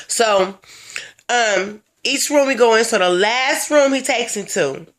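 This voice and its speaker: A woman's voice: on the high side, lively intonation, slow, fairly bright tone. A young woman telling a story in a blunt, brash way, swearing freely. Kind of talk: casual profane storytelling.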